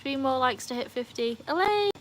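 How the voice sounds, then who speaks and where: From beside a home swimming pool outdoors, a woman hosts a casual livestream, reading viewer comments and breaking into squealing cheers. Her medium-pitched voice is brisk and fairly bright, with slight background noise.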